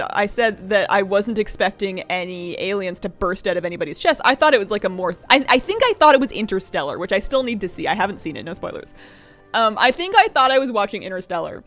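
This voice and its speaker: A woman's voice: on the high side, sing-song, a little fast, fairly bright tone, faint music behind. A young woman streamer chatting casually with viewers, telling rambling stories with laughs.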